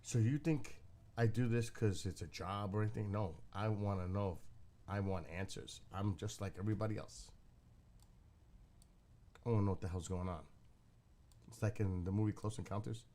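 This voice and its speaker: A man with a somewhat low voice talks to his live stream chat from his living room. He tells a rambling story in a casual, blunt way and swears freely. The talk is loose and unscripted. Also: dark tone. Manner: profane, blunt, talking to chat.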